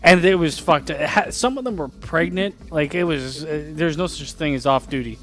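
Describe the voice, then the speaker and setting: Dry-joking man, slightly high voice. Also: moderate pace, fairly bright tone. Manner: dry, crude joker. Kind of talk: casual chat.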